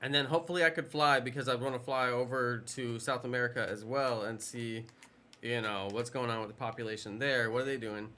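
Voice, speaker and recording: Male game streamer, mid-pitched, bright, rambling casual banter with viewers. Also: fairly even intonation, fairly quick, slight background noise. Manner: rambling, playful, chatting with viewers. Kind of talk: casual live stream chat.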